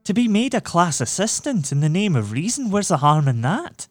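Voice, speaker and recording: Man voicing frightened young student, hoarse, high strained cries, audiobook, faint music behind. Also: big pitch swings, moderate pace, no echo. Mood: despairing. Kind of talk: audiobook reading.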